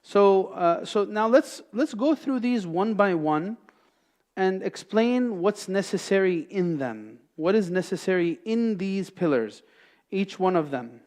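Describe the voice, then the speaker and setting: A man's voice: sits high, expressive, a little slow, a little mellow. A man teaching a class at a mosque, explaining each point by asking questions and answering them himself. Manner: explanatory, asks and answers his own questions. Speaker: Islamic teacher. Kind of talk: classroom lecture.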